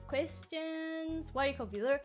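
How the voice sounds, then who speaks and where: A woman's voice: sits high, fairly quick, soft background music. A woman from Scotland who runs a VTuber agency, talking casually and sarcastically to her viewers and swearing freely. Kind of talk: casual stream chat.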